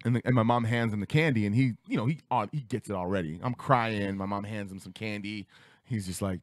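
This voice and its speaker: A man in his thirties telling a childhood story on a radio talk show, acting out voices with big jumps in pitch. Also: quick pace, dry recording, clean studio sound. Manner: animated, acts out quotes with big pitch jumps. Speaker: podcast host. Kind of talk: casual storytelling. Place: studio.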